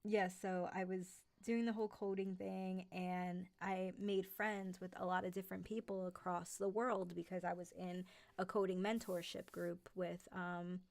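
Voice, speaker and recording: A woman's voice: fairly low pitch, flat delivery, measured pace, gravelly, a little mellow. A young woman chatting casually on a live stream, rambling, with many fillers and self-corrections. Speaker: streamer and narrator.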